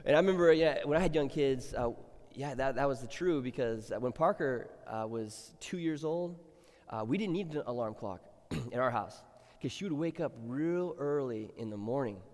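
A man's voice: mid-range voice, animated, normal speed, darkish tone. A middle-aged man preaching a sermon as pastor, chatting with the congregation, then building to emphatic exhortation. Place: church sanctuary. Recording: long reverb of a church hall.

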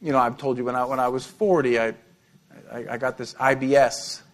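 A middle-aged male pastor preaching an animated sermon, with humorous asides and repeated words. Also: medium pitch, brisk.

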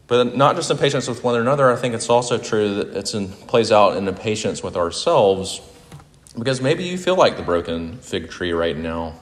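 A man's voice: lowish voice, animated, moderate pace. A man in his forties preaching a sermon in a reflective, confessional way, talking conversationally and often correcting himself mid-sentence. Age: 40s. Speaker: pastor. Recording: long hall reverb.

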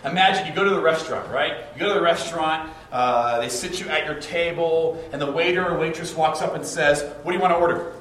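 A man's voice: a little high, a little fast, few pauses, fairly bright tone, a little hiss or hum. A man preaching a sermon in a conversational way, acting out short quoted exchanges, heard from a distance in an echoey hall. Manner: conversational, acts out quoted couples. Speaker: pastor.

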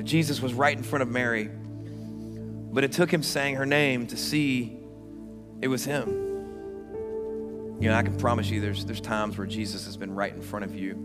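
Pastor preaching in a reverberant hall. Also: male voice, mid-range voice, loud music behind the voice. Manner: animated storytelling that drops to a hushed, slow delivery. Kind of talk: sermon.

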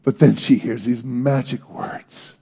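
A man preaching a sermon in an earnest, dramatic way, swinging between loud emphasis and hushed moments. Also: mid-range voice, fairly even intonation, slow, creaky, breathy edge. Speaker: pastor.

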